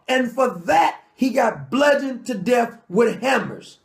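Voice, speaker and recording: A man delivering an angry, sarcastic commentary monologue, combative and at times shouting. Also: very high voice, lively intonation, a little slow, vocal fry, hardly any pauses, reverberant. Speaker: political commentator.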